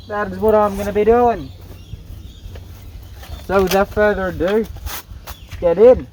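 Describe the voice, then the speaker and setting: A young man with a notably high voice talks casually to the camera outdoors in the bush. He giggles often between his phrases, keeping the tone light and chatty. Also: normal speed, pauses often, darkish tone, a little hiss or hum, poor audio. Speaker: vlogger. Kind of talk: casual outdoor gardening vlog.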